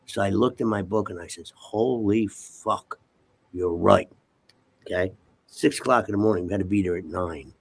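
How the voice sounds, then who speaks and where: Gravelly older man telling rambling stories. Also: deep voice, fast talker. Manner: profane, rambling, keeps asking okay?. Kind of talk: casual storytelling.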